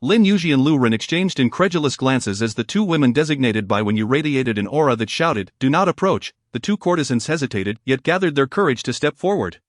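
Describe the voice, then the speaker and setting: A man narrating a scripted story in an even, measured way. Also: medium pitch, dry recording, clean studio sound.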